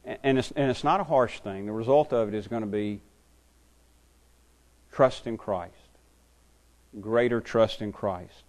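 A man's voice: lowish voice, unhurried, long pauses, darkish tone. A man preaching a sermon as a pastor, earnest and often repeating words as he builds his points.

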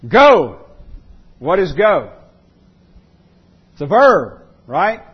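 A man's voice: fairly high pitch, animated, normal speed, husky, highs cut off. A man preaching a sermon as pastor, repeating key words for emphasis and restarting his sentences often.

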